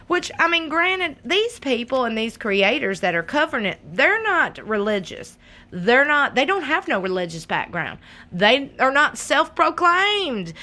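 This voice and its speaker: A woman hosting her own channel, talking straight to her viewers in a sassy, animated, casual commentary. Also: fairly high pitch.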